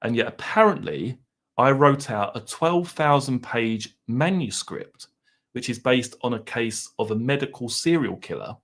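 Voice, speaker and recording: A man's voice: medium pitch, lively intonation, measured pace, fairly bright tone. A middle-aged man with an Essex accent, chatting casually on a livestream, reading out viewers' comments and musing aloud in a self-deprecating way. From Essex, England. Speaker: livestream host. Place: home.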